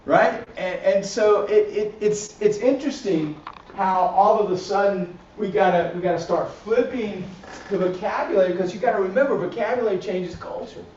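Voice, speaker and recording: A man's voice: high voice, moderate pace, a little mellow, slight background noise. Guy giving a church talk, keeps saying right?, sounds far off and kinda dull lo-fi. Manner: repetitive restarts, rhetorical "right?" tags. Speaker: ministry teacher. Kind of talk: recorded teaching session. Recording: roomy, distant, dull lo-fi audio.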